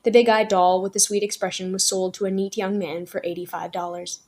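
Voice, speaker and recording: A woman storyteller gently and expressively reading a children's novel aloud. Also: medium pitch, flat delivery, fairly quick.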